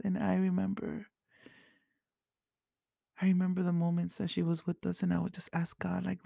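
A woman hosting a podcast, telling a personal faith story in a rambling way, often saying "you know" and clearing her throat, dropping to a hush at tender moments. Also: lowish voice, flat delivery, moderate pace, dry recording, studio quality. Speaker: podcast host.

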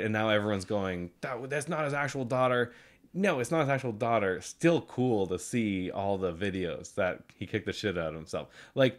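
A man co-hosting a podcast, talking in a rambling, emotional way and laughing easily. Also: lowish voice. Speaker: podcast co-host. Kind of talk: casual chat.

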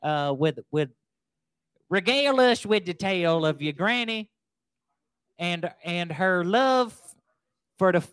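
A man's voice: sits high, expressive, slow pace, long pauses, fairly bright tone, clear, resonant tone, no echo. A man hosting a casual podcast chat, rambling with many restarts. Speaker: podcast host.

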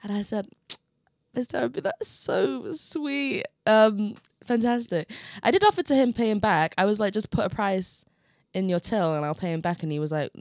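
A woman's voice: mid-range voice, fairly quick, no echo, studio quality. A young woman, co-hosting a casual podcast chat and telling stories animatedly. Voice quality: slightly muffled from chewing gum. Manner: animated storytelling with laughs. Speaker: podcast co-host.

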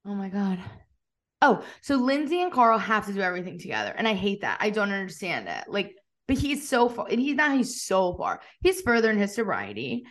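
A woman co-hosts a podcast and chats casually, animated and emphatic, often joking. Her voice has an ordinary pitch for a woman. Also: a little fast. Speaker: podcast co-host. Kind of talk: casual chat.

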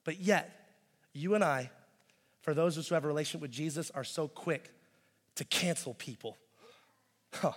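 Impassioned high-voiced male pastor in a reverberant hall. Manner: swings from hushed intensity to loud impassioned pleading, acts out voices. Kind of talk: sermon.

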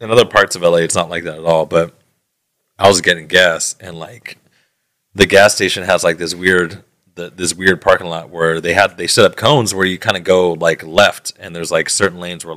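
A man's voice: deep voice, a bit bright, no echo, clean studio sound. A man in casual podcast chat, swearing freely and acting out the people in his stories.

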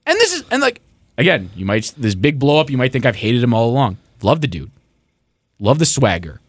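A man's voice: mid-range voice, wildly swooping pitch, brisk, no room sound. A young man co-hosting a sports podcast, ranting sarcastically and swearing as he builds up heat. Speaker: podcast co-host. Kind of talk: casual sports podcast rant.

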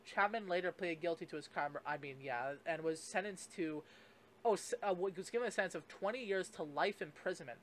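Young guy ranting on his podcast, pretty high voice, swears a lot, trips over his words. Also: a little fast, a bit bright, slight background noise. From Canada. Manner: rambling, profane, full of fillers and restarts. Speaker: podcast host. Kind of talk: casual solo podcast rant.

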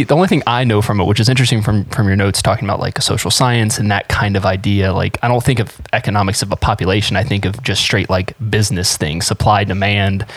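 A man's voice: on the low side, no room sound. A man hosting a casual podcast, chatty and rambling, often restarting his sentences, on a remote call. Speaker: podcast host.

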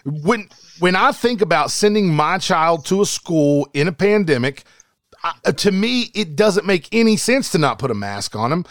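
A man's voice: high-pitched, expressive, normal speed, no room sound. A man hosting and moderating a podcast debate, pressing his panelists with emphatic questions.

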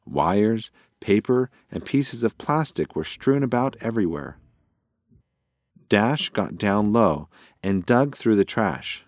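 Low-voiced man reading a storybook. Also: slow pace, no room sound, clean studio sound. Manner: expressive, lively storytelling. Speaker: narrator.

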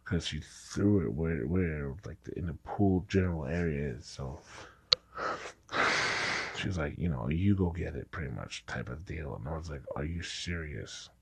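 A man's voice: very deep voice, normal speed, darkish tone, slight background noise. A man casually telling a personal story, rambling and restarting his sentences. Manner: rambling, repeats himself with false starts.

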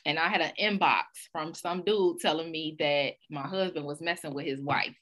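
A woman hosting a podcast, telling a personal story in a casual, animated, slangy way and laughing along. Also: sits low, moderate pace. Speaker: podcast host.

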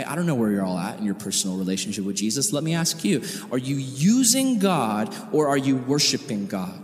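A man preaching a youth sermon to high school students, animated and slangy, acting out quotes as he goes. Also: echoey room, in a large hall. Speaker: youth pastor.

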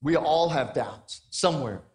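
A man's voice: fairly high pitch, expressive, measured pace, darkish tone. A man preaching a sermon in a conversational way. He puts questions to the congregation and often restarts or repeats words. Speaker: pastor.

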